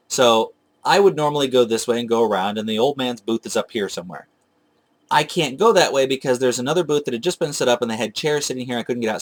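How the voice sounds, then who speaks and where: A man telling a long, digressive story about hunting for old video games, chatting casually to his viewers and correcting himself as he goes. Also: mid-range voice. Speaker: retro game collector vlogger. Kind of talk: casual rambling storytelling to camera.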